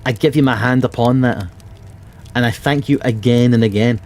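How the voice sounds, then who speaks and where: A man reading a kindly, troubled male doctor in his own Edinburgh accent, speaking in a warm, pleading way. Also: mid-range voice, moderate pace, natural voice. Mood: earnest. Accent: Scottish, Edinburgh.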